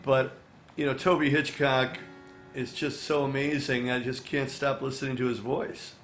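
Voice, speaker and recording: An older man, a songwriter and musician, chatting in an interview from his recording studio, animated and full of "you know" fillers, acting out bits of dialogue as he tells stories. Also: mid-range voice, moderate pace, echoey room, soft background music. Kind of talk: casual interview storytelling.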